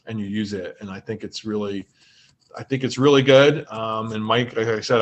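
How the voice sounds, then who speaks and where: A man's voice: fairly low pitch, fairly bright tone. A man chatting on a podcast as a guest game writer over a video call, enthusiastic and rambling with fillers. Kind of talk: casual podcast chat.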